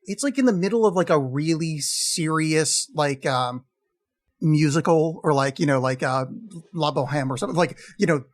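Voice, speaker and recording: Animated, swearing male podcast co-host. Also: on the high side, moderate pace. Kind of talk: casual film review chat.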